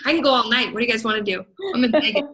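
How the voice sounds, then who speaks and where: At an event venue in Las Vegas, a middle-aged woman who works as a business coach speaks rapid-fire in a fairly high, pushed, bright voice. Her motivational talk to the group is emphatic, punctuated by frequent laughter and "right?", captured in rough audio.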